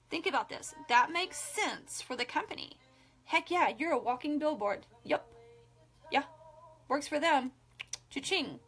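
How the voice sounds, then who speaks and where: A young adult woman talking straight to her viewers in a casual live video, chatty and emphatic, full of "like" and quick restarts. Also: high voice, fairly bright tone. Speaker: social media coach.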